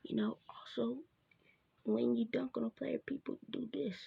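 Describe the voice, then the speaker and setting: A woman's voice: a little high, steady tone, normal speed, gravelly, husky, muffled recording. A woman hosting her own basketball show, chatting casually through a sports recap with lots of fillers and asides.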